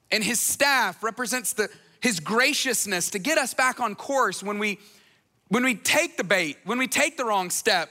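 Male pastor, conversational sermon delivery, high and bright, reverberant large hall. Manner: conversational, acts out voices in retellings.

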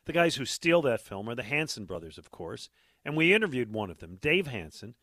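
A male radio host reading a scripted introduction with a smooth, measured delivery. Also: mid-range voice, very animated, sharp tone, no echo. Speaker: host, co-author of a sports book.

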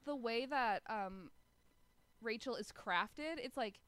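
A woman's voice: fairly high pitch, takes it slowly, a bit bright, clean tone, dry recording. A woman co-hosting a casual chat about a TV episode, opinionated and wry. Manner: opinionated and wry, with laughs and asides. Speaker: podcast co-host.

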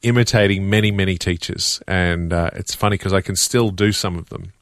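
A man chatting as a guest, his talk rambling along with laughing asides. His voice sits low for a man and the studio sound is dry and close. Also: steady tone, a little fast, dry recording. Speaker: impersonator, guest. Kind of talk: casual interview chat. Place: radio studio.

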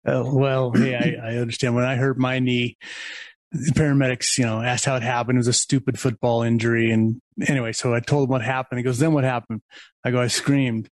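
A man's voice: medium pitch, little pitch movement, a little fast, no echo. A man hosting a talk show, trading jokey stories with his guest in casual chat. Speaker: radio show host.

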